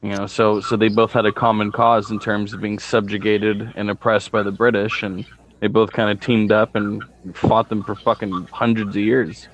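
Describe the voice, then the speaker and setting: A man's voice: lowish voice, little pitch movement, moderate pace. A man co-hosting a casual podcast chat, talkative and casually profane, who explains things at length. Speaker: podcast co-host.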